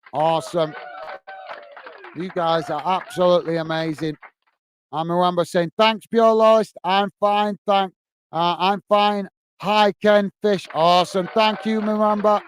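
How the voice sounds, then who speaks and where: A man's voice: sits high, a little hiss or hum. A man hosting a live football watch-along, reading viewers' chat messages aloud and chatting back casually. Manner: reads viewer comments aloud, friendly and chatty. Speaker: livestream host reading chat.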